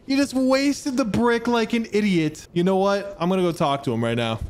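A man hosting a game tournament, giving excitable, trash-talking live commentary that swings into yelling. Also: sits high, moderate pace. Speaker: gaming streamer and tournament host. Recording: noticeable background noise.

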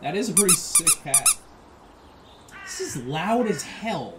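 A young man giving casual, excitable let's-play commentary as a gaming channel host, reacting loudly as he plays. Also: high-pitched, measured pace, very noisy. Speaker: gaming YouTuber. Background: loud game music.

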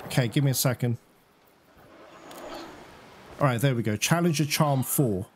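A man giving casual let's-play commentary, excitable and addressing his viewers as "guys", out of breath at times. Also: mid-range voice, moderate pace, a little hiss or hum. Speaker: gaming YouTuber.

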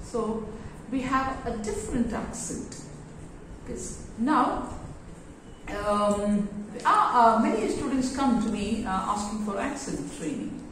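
A woman English teacher giving a lesson in a classroom, halting with many fillers. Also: fairly high pitch, expressive, a little hiss or hum. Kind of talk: explanatory lesson. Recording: very echoey room, voice far from mic.

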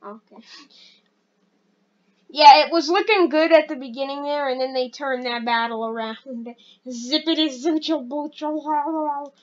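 A woman giving casual, rambling gameplay commentary as a channel host, excitable and self-deprecating. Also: sits high, normal speed, long pauses, muffled recording.

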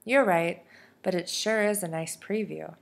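A woman's voice: fairly low pitch, a little slow, gravelly. Woman reading as a lilting, caring mother. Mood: cheerful. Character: caring mother, warm and emotional.

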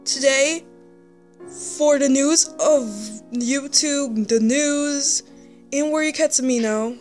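A young female vlogger talking to camera, sighing often, halting and restarting her sentences. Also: high-pitched, darkish tone, soft background music. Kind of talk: emotional vlog to camera.

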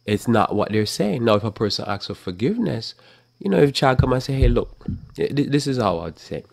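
A man preaching Bible commentary on his live talk program, scolding and forceful, mocking the voices of people he disagrees with and often restarting his words. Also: mid-range voice, sing-song, brisk, vocal fry, no echo. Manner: casual speech with repeated restarts.

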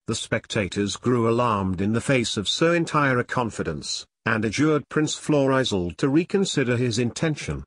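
A man narrating a classic audiobook in a measured, even manner. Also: medium pitch, no echo, studio quality. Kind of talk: scripted narration.

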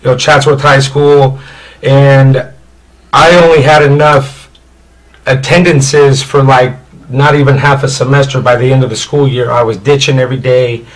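A man's voice: mid-range voice, level tone, moderate pace, rough recording. A man from Indiana telling his life story as an interview guest, rambling and candid, with many "you know" fillers.

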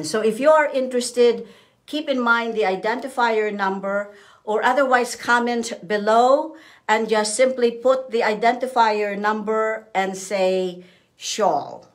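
Brief: woman seller, unhurried and deliberate, patient show-and-tell instructions for shawls. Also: mid-range voice. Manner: slow, patient step-by-step instructions. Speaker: seller showing scarves. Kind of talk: live product demonstration.

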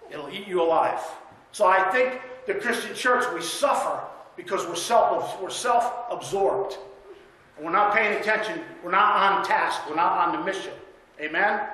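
High-voiced folksy preacher in an echoey church. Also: male voice, a bit bright, slight background noise. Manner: folksy, conversational, asks the congregation for amens. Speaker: guest preacher. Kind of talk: sermon with storytelling. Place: church sanctuary.

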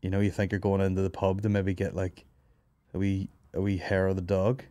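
A man's voice: low-pitched, completely flat delivery, a little fast, mellow, no room sound. A Northern Irish man hosting a podcast, telling a rambling comic story, swearing a lot and laughing often, hungover and tired. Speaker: podcast host. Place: office.

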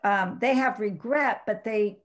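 A woman's voice: medium pitch, a little slow. A woman in a casual Bible discussion, thoughtfully asking questions.

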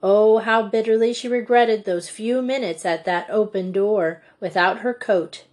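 A woman reading a children's storybook aloud in a measured, deliberate way. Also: mid-range voice, darkish tone. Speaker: audiobook reader. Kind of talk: storybook narration.

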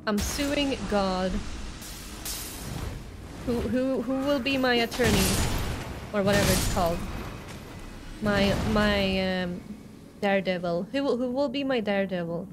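A woman's voice: medium pitch, measured pace, long pauses, background noise. A young woman from Sweden with a Swedish accent, chatting playfully and sarcastically while streaming a game, English not her first language. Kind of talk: live gameplay commentary.

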